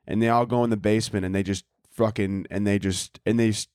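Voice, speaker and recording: A man's voice: lowish voice, fairly even intonation, a little fast, a little mellow, smooth, no echo, studio quality. A man hosting a solo comedy podcast, rambling crudely and joking with frequent restarts. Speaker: podcast host.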